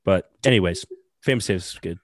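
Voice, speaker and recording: Low-voiced man chatting, dry sound. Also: a little fast, no echo. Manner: rambling, lots of fillers. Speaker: podcast co-host. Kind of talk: casual chat.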